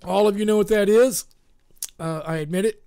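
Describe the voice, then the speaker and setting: A man's voice: sits high, normal speed, warm tone, smooth. A man hosting a live internet radio show, chatting casually and rambling with lots of fillers and self-mocking asides.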